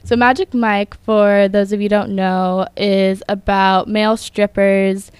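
Her delivery is flat and unhurried, her voice smooth, clean and medium-pitched, as this young woman hosts an entertainment news radio show. She reads scripted stories from notes, chatting and dropping in casual opinions along the way. The recording is close and dry, with no room sound.

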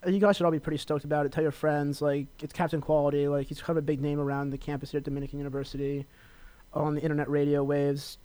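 A young man from Los Angeles, California hosts a college radio show, chatting casually on his own and rambling with lots of fillers while promoting himself. His voice is on the high side, fast and smooth with a dark tone and little pitch movement. The recording is dry.

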